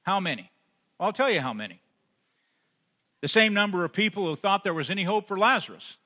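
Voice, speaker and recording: A man preaching a sermon as pastor, rising to emphatic peaks and then dropping soft and intimate. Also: sits high, animated, brisk. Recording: long hall reverb.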